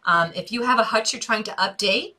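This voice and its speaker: A woman's voice: mid-range voice, brisk, pushed and bright. A middle-aged woman hosting a casual live-streamed interior design chat from her desk, reading viewer comments aloud and answering them in a rambling, friendly way. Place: home office desk.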